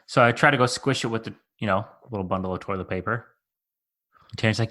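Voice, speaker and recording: A man's voice: fairly low pitch, steady tone, quick pace, sharp tone. A man co-hosting a casual podcast, telling a rambling story with many fillers. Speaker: podcast co-host.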